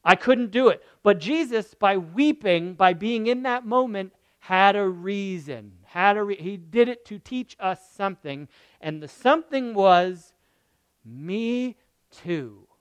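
A pastor preaching a sermon emphatically, repeating key phrases and swinging between loud bursts and soft murmurs. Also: mid-range voice, lively intonation, measured pace, clear, resonant tone, dry recording.

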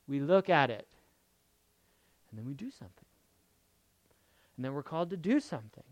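A pastor preaching a sermon emphatically, repeating key phrases and swinging between loud bursts and soft murmurs. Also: medium pitch, big pitch swings, moderate pace, dry recording.

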